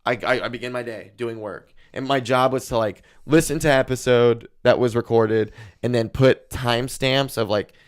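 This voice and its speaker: A man of middle pitch telling a story as a podcast guest. He rambles and swears freely, and talks frankly about his anxiety in an everyday conversational voice. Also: steady tone, normal speed, few pauses, clear, resonant tone. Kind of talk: casual storytelling chat.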